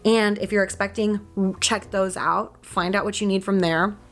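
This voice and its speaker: A woman's voice: medium pitch, fairly even intonation, a little slow, faint music behind. A young adult woman, a mother, talking casually to her viewers in a candid, chatty way, filling her speech with "like" and the odd swear word. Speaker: mom vlogger. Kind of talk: casual chat to camera.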